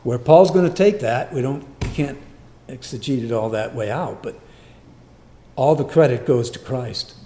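A man preaching a sermon, swinging between loud emphatic lines and quiet low asides, and acting out boastful voices in quick quoted bits. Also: a little hiss or hum.

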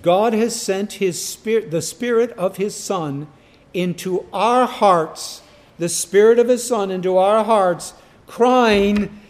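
A man delivers a sermon in a high-pitched voice, taking his time over every phrase. He repeats key words for emphasis and rises to sudden loud cries on the important lines. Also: slow pace. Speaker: preacher.

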